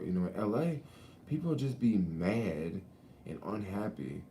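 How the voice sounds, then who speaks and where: A man's voice: on the low side, very animated, moderate pace, dark tone, slight background noise. A man chatting casually in a vlog, laid-back and slangy, swearing and laughing often, talking outdoors at a beach. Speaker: vlogger. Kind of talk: casual rambling chat.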